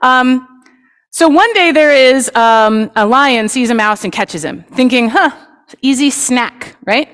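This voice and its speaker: A woman's voice: on the high side, a little slow, clean tone, in a large hall. Chatty woman leading a story time. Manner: lively, chatty and inviting. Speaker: worship leader. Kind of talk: children's story in a service. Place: congregation sanctuary. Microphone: microphone.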